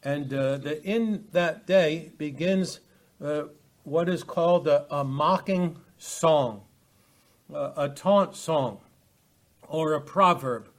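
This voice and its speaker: A man teaching a Bible study, halting often with fillers and restarts as he reads and explains verses. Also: on the high side. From United States.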